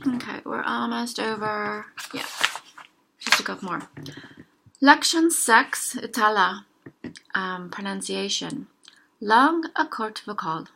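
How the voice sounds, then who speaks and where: Slow, careful woman teaching pronunciation. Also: mid-range voice, expressive, vocal fry, noisy background. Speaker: language teacher. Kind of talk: casual language lesson.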